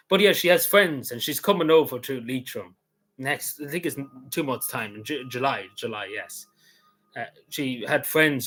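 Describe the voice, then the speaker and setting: A man's voice: medium pitch, a bit bright, poor audio. A man with an Irish accent from Cavan, chatting casually in a meandering, joking way with lots of fillers and restarts. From Ireland. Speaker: vlogger. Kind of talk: casual rambling chat.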